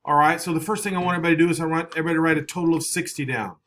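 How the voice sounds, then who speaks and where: Male math teacher, bright tense voice, slightly high, brisk, coaxing, echoey classroom sound. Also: steady tone. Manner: brisk, coaxing, checks in with "all right?". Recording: echoey classroom, faint noise.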